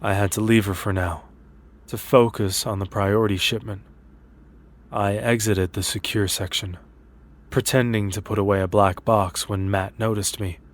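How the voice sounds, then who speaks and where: Low-voiced male horror story narrator. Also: steady tone, normal speed.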